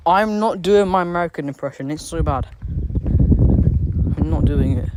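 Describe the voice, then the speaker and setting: A man's voice: a little high, moderate pace, noisy background. A British man chatting casually on a live stream, rambling and repeating himself with lots of fillers, talking into his phone outside on a street. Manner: rambling, repeats phrases, many fillers and restarts. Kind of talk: casual live-stream chat answering viewers. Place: outdoors on a street.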